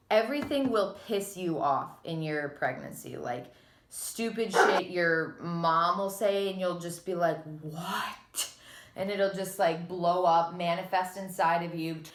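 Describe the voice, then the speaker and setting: In an echoey room, a pregnant woman in her twenties vlogs candidly, her fairly low voice unhurried. She's out of breath and rants with dramatic sarcasm.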